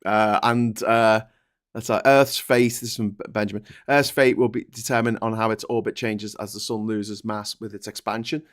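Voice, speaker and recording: A man's voice: lowish voice, flat delivery, normal speed. A man hosting a casual live-stream chat, joking and reading out viewer comments. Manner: jokey, reads viewer comments aloud. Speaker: host.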